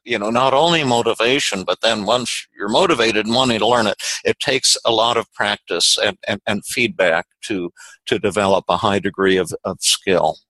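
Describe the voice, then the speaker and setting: A man's voice: on the low side, moderate pace, bright, forceful tone, no echo, poor audio. A man hosting a podcast and teaching communication, thinking aloud and often repeating words as he explains with everyday examples. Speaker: podcast host and therapist trainer.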